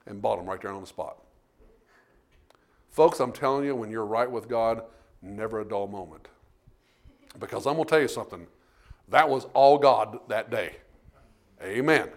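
A man preaching a sermon, telling a folksy story with emphatic, animated delivery. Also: on the low side.

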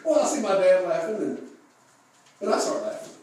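A high-pitched male pastor delivers a folksy sermon, chuckling through his own stories and asking the congregation questions. He is picked up from a distance in a very echoey church room. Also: sing-song, normal speed, warm tone. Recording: echoey room, mic far off.

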